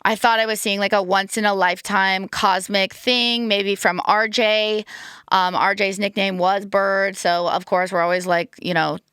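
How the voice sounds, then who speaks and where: A woman's voice: mid-range voice, little pitch movement, moderate pace, fairly bright tone, smooth, no echo, studio quality. A woman hosting a podcast, talking in a rambling, playful, self-deprecating comic monologue while slightly losing her voice. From United States. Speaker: podcast host. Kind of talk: casual comedic monologue.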